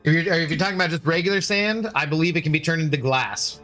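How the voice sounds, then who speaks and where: A man's voice: a little high, quick pace, a bit bright, faint music behind. A man chatting casually on a livestream, reading chat aloud and rambling playfully with many self-corrections.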